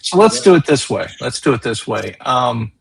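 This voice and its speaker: A man running a tabletop role-playing session as game master, narrating scenes steadily and pausing to check the rules. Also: mid-range voice, very animated, creaky, a crowd in the background, low-quality recording.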